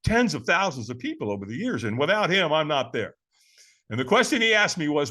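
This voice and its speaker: Older man in his seventies, high voice with bright edge, animated podcast-guest storytelling, casual "man" talk. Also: fairly quick. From California, USA. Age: 70s. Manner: lively, acts out quoted voices, says "man" often.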